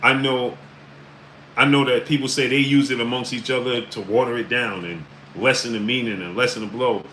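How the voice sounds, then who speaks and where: A man's voice: mid-range voice, steady tone, moderate pace, a little hiss or hum, poor audio. A man hosting a casual livestream, greeting chat names and filling his talk with "uh" and "right?". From New York area. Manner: repeats "right?" and "uh" often, shouting out chat names. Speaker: livestream host. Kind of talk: casual live-stream commentary. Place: New York.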